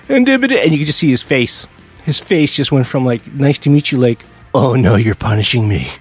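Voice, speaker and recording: A man's voice: medium pitch, breathy edge. A middle-aged man from Canada hosting a music radio show, telling a rambling, self-deprecating story in casual chat. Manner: rambling, self-deprecating, with animated quoted voices. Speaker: radio host and DJ.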